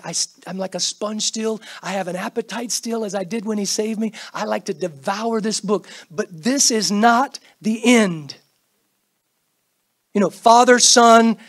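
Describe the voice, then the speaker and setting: High-voiced, husky preacher man. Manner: preaching with sudden loud bursts and hushed asides; acts out quoted prayers and greetings. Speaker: pastor. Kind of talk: sermon. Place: church sanctuary.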